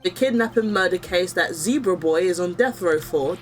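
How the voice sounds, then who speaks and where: A young adult woman streaming a game, chatting excitedly with her viewers and reading the game's dialogue aloud. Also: lowish voice, normal speed, faint music behind.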